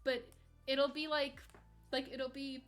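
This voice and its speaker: A woman's voice: sits high, little pitch movement, slow pace, a bit bright, faint music behind. A young woman streaming and chatting candidly with her live chat, rambling with restarts and light laughs. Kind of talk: casual chat reading live chat while gaming.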